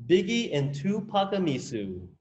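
A man plays a meek, goofy husband in a comedy sketch parody. His voice is fairly high and swings around a lot, recorded with a dull, lo-fi sound. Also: wildly swooping pitch, unhurried, darkish tone, full character voice. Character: meek husband of the sanctuary owner.

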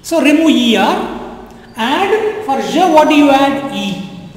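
In a room with long, echoing reverb, a woman teaches French slowly in a high, lively voice. Her classroom-style lesson is repetitive as she nudges learners toward translating.

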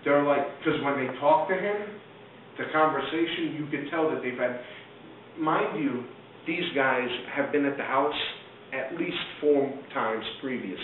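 A man telling a profane, animated story about a neighbor's arrest, acting out the other people's lines. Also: mid-range voice, measured pace. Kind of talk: profane casual anecdote. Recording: tinny phone-like roomy recording, faint hiss.

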